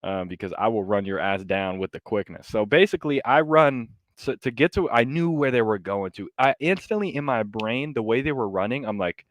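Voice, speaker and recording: A man co-hosting a podcast, telling a story in casual, animated chat with lots of fillers and some swearing. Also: lowish voice, fairly quick, few pauses, no room sound. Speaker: podcast co-host.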